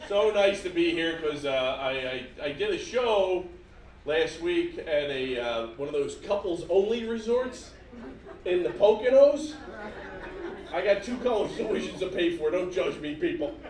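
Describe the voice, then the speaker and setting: High-voiced middle-aged male comedian on stage. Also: expressive, unhurried, darkish tone. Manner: punchy, exaggerated voices for quoted family. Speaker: stand-up comedian. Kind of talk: stand-up comedy set. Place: comedy club stage with live audience. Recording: roomy club sound from a distance, audience laughter.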